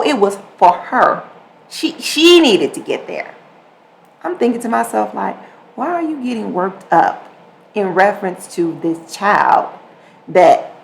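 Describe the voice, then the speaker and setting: A woman hosting a podcast tells a household story in casual, animated speech, repeating words and acting out both sides of a conversation. Her voice is medium-pitched and creaky. The audio is poor, with slight background noise.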